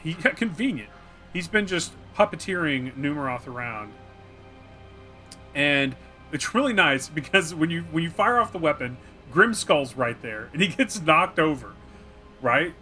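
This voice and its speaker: A bright, slightly high male voice rambles enthusiastically through a game recap, jumping into little acted scenes along the way. Faint music plays underneath the casual chat. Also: a little slow. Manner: rambling and animated, acting out scenes. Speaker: co-host.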